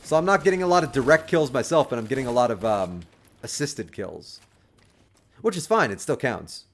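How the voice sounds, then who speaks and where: A man's voice: mid-range voice, big pitch swings, a little fast, slight background noise. A young man chatting casually on a game livestream, rambling and friendly as he gives dating advice to his chat. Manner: rambling and friendly, with many restarts and chuckles.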